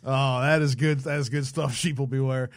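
A man's voice: mid-range voice, little pitch movement, normal speed, no room sound, clean studio sound. A man co-hosting a casual political livestream, reading headlines aloud and mocking them with sarcastic, profane asides. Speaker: podcast co-host.

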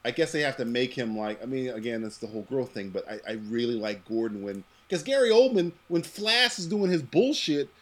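A man's voice: mid-range voice, fairly quick, few pauses. A man hosting a podcast, talking casually and profanely, with frequent laughter. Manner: animated, profane, laughs often. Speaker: podcast host. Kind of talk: casual chat.

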